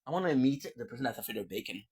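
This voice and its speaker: A man's voice: medium pitch, lively intonation, rapid-fire, darkish tone, slightly rough. Joking man rambling on a stream. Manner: joking and rambling, with many fillers and food sounds. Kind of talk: casual rambling stream chat while eating.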